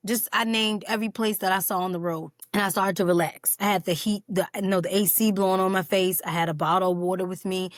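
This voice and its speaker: Casting: quick-talking woman, podcast host, earnest and candid, dry close sound. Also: mid-range voice, steady tone, dry recording. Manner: earnest, speaks straight to listeners as "y'all"; candid, openly emotional. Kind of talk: personal mental health podcast talk.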